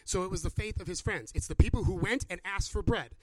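A man preaching and answering questions, animated and acting out the people he quotes. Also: a little high, fast talker, few pauses, no echo. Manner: animated, acts out quoted voices. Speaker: pastor. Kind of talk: sermon with Q&A.

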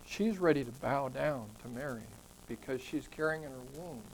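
Gravelly man leading a Bible study. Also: mid-range voice, moderate pace, slight background noise, low-quality recording. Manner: conversational, asks the group questions, repeats words when emphasizing. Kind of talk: interactive scripture teaching.

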